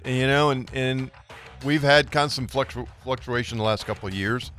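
A man's voice: medium pitch, normal speed, faint music behind. A middle-aged man telling a fishing story as a guest on a radio show. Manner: animated, lively storyteller. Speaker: guest charter captain.

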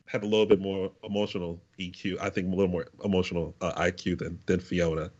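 Low-pitched and quick, this young podcast co-host comes through with the highs cut off. He's animated in casual conversation, spinning joking, slang-heavy stories.

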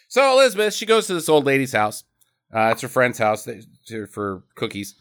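A man's voice: on the low side, huge pitch swings, quick pace, fairly bright tone. A man casually recapping a movie plot with a co-host, swearing freely and laughing often. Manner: profane, laughing, joking. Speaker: podcast host.

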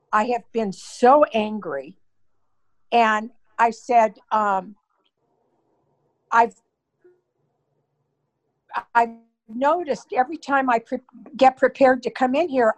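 A woman's voice: fairly high pitch, low-quality recording. An older woman, the host's mother, earnestly recounting a personal story in an emotional way. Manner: earnest, slow, emotional retelling. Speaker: guest, mother of the host.

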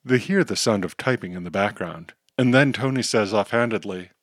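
A man giving scripted audio drama narration in a brisk, plain manner. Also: on the low side, no echo, studio quality.

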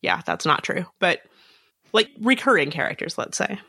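A woman's voice: lowish voice, wildly swooping pitch, normal speed, vocal fry, pushed and bright, husky, no echo, studio quality. A woman co-hosting a podcast in casual chat, speculating and hedging as she thinks aloud. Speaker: podcast co-host.

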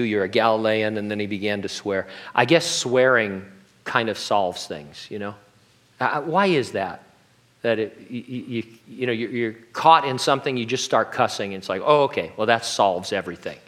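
A man's voice: on the low side, moderate pace, fairly bright tone. Man preaching a casual sermon. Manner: conversational, jokey asides. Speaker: pastor.

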